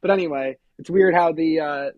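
A man co-hosting a podcast, telling a story in a casual, animated, self-deprecating way. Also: fairly high pitch, normal speed, no echo, highs cut off. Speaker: podcast co-host.

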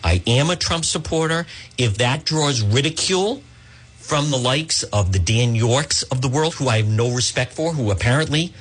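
A man's voice: mid-range voice, animated, normal speed, breathy edge. A male talk radio host delivering a combative, emphatic monologue, often stumbling and restarting mid-sentence.

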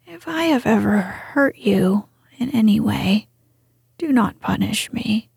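Woman doing a frail old grandmother: faint, breathy whispered role-play. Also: medium pitch, expressive, slow pace, a little mellow, dry recording, clean studio sound, exaggerated voice. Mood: pleading.

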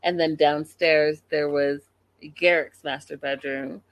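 A woman recapping a reality show in an animated, gossipy way, talking straight to her viewers. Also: low voice, slow.

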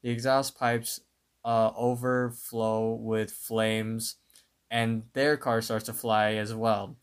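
A man co-hosting a podcast, casually recapping a cartoon episode and telling it in an unhurried way with plenty of fillers. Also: fairly low pitch, flat delivery, clear, resonant tone. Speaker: podcast co-host.

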